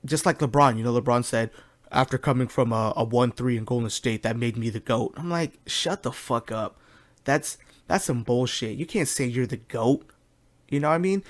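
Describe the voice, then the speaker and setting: A young man hosting a solo podcast, ranting in a heated, loose and rambling way, with frequent swearing. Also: medium pitch. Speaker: podcast host. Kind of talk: solo casual rant.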